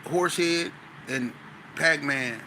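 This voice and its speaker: A man, a guest on an interview show, telling a story in an animated, slang-heavy way with stuttering restarts. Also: on the high side, slow, a little hiss or hum, low-quality recording.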